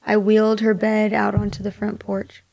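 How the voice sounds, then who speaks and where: A young woman from Maui tells a personal story as a guest in an interview. Her voice carries a strong gravelly fry, and she speaks softly, often slipping into a near-whisper for quoted thoughts. The sound is dry and close, with no room around it. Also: medium pitch, completely flat delivery, normal speed, no echo. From Maui, Hawaii. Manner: soft-spoken, drops to a hush for quoted thoughts. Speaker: singer-songwriter guest.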